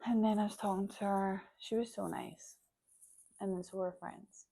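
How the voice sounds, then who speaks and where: A young Scottish woman talks straight to the camera in a relaxed vlog, chatty and a little scattered. She tells stories by acting out what everyone said, and "like" pops up all the time. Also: medium pitch, normal speed, vocal fry, slightly rough. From Scotland. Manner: animated storytelling, acts out quoted dialogue, frequent "like". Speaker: vlogger.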